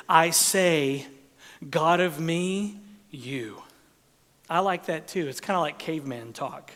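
A man preaching a sermon as pastor, expressive, dropping to whispers and rising for emphasis. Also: on the high side, long reverb tail.

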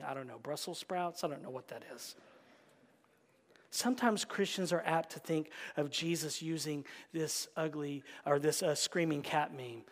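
A male pastor preaching a sermon, swinging between forceful emphasis and hushed whispers. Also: fairly high pitch. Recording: long reverb of a large hall.

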